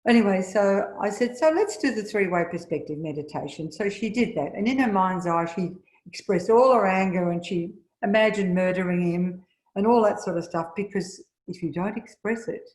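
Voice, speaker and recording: A middle-aged woman leading a spiritual seminar, telling stories and acting out the people she quotes with rising pitch. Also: moderate pace, darkish tone. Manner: storytelling, acts out quoted voices with rising pitch. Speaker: seminar leader. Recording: echoey room.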